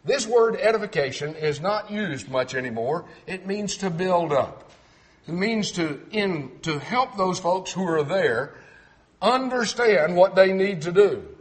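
A man's voice: high-pitched, a bit bright. A middle-aged man preaching a sermon in a folksy way, quoting scripture and mimicking other people's voices.

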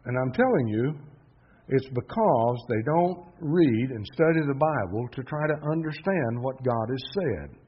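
A man preaching a sermon in an emphatic style, swinging between loud stresses and hushed asides. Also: medium pitch, animated, unhurried, breathy edge. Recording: dull lo-fi sound.

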